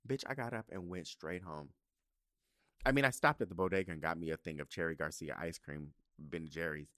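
A man's voice: low voice, fairly quick, sharp tone, no room sound, studio quality. A man hosting a podcast, telling stories in a campy, profane, casual way and acting out his own reactions. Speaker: podcast host. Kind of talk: casual comedic storytelling.

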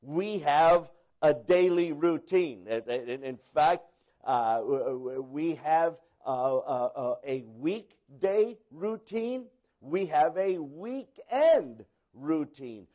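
High-pitched guy preaching slow, stumbles and repeats words a lot, jokey bits. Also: lively intonation, mellow. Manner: rambling, repeats words, mimics people for humor. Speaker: pastor. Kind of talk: sermon.

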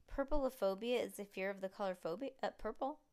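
A woman's voice: medium pitch, fairly quick, darkish tone, smooth, natural voice. A woman reading aloud, voicing a spirited girl who turns indignant. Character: spirited girl trying to keep a good mood.

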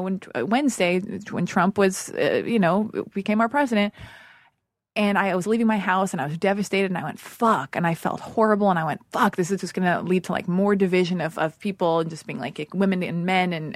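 A woman's voice: on the low side, no room sound, studio quality. A woman hosting a podcast, talking candidly and emotionally in a casual chat, with frequent swearing and restarts. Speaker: podcast host. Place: Los Angeles.

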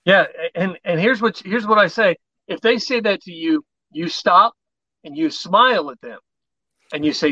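A podcast guest with a high, bright male voice explains his methods for calm conversations. He slips into quoted back-and-forth lines as he goes. The sound is dry and a little muffled. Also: moderate pace, dry recording. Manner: animated storyteller, acts out quoted exchanges. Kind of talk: conversational advice on persuasion.

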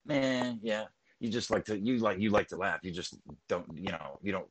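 A man's voice: lowish voice, steady tone, normal speed, poor audio. A man rambling in casual podcast chat, swearing often and restarting his sentences.

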